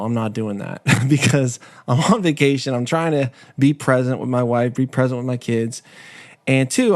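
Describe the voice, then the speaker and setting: A man's voice: mid-range voice, clean tone, dry recording. A man hosting a podcast, telling a personal story in a candid, conversational and self-deprecating way. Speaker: podcast host. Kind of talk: casual storytelling monologue.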